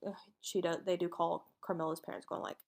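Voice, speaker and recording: A woman's voice: on the low side, little pitch movement, brisk, a little mellow. A woman co-hosting a podcast, casually retelling a true-crime case and acting out its dialogue in informal speech. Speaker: podcast co-host telling a case.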